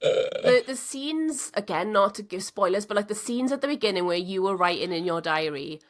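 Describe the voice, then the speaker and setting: A woman's voice: medium pitch, moderate pace. A woman hosting a podcast in casual interview chat, enthusiastic and sweary, just getting over a cold. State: recovering from a cold. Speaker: podcast host.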